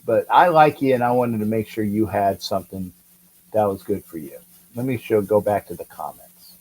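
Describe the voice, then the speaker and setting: A man's voice: fairly low pitch, moderate pace, a little mellow, rough recording. A man from California hosting a casual live sports talk stream, rambling and chatty as he reads viewer comments and greets people by name. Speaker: sports talk livestream host.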